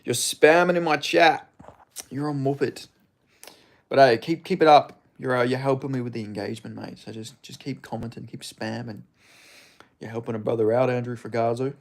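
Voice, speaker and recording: A man's voice: mid-range voice, fairly even intonation, normal speed, gravelly. An Australian man streaming and reading chat aloud, with blunt, profane, laid-back banter. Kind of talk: casual livestream chat.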